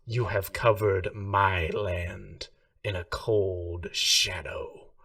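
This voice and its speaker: A man voicing a cold, menacing goddess of the sands, speaking with a slow, hissing voice, heard from a distance. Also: low-pitched, steady tone, fairly bright tone, no echo, full character voice. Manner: slow, drawn-out threats.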